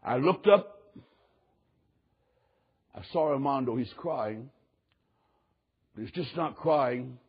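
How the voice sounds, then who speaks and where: A male preacher telling a story in a sermon, earnest and dramatic, pausing and repeating phrases for effect. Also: medium pitch, lively intonation, breathy edge. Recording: dull lo-fi recording.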